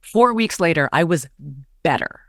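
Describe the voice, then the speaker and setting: A woman's voice: on the low side, moderate pace, no echo, clean studio sound. A woman in her forties, a podcast guest, telling a candid personal story in an earnest, confiding way. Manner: earnest, confiding, animated retelling with quoted voices.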